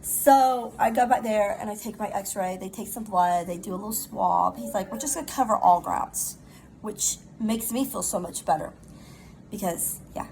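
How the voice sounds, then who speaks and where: A middle-aged woman, chatting casually in a rambling, animated storytime while recovering from pneumonia. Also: medium pitch, moderate pace, vocal fry, a little hiss or hum, poor audio. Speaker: vlogger.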